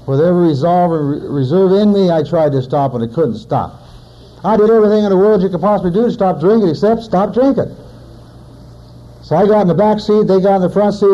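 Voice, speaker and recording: A man's voice: fairly high pitch, dark tone, highs cut off. A man in his forties, a recovering alcoholic, giving a personal testimony in a plainspoken storytelling manner with wry humor. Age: 40s.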